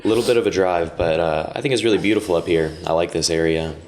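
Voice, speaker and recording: A man's voice: low-pitched, fast talker, a little mellow. A man from the Austin area, a jiu-jitsu coach telling easygoing stories as a podcast guest. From Austin area, Texas. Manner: friendly, easygoing, rambling anecdotes. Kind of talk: casual storytelling.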